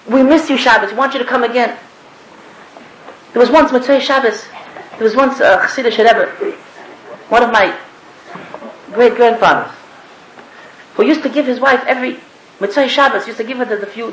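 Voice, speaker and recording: High-voiced woman preaching in an echoey room. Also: fairly bright tone. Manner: emphatic, with rhetorical questions and repetition. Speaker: speaker giving a religious talk. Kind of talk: spoken sermon with a story.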